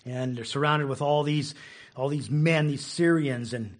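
A man's voice: on the high side, measured pace. A man preaching a casual, conversational sermon who laughs often and repeats words as he goes. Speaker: pastor.

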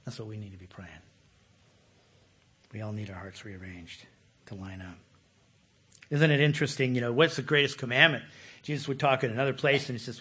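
A man preaching a sermon in a relaxed, conversational way who often puts questions to his listeners. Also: mid-range voice, fairly quick, pauses often, slightly rough. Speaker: pastor.

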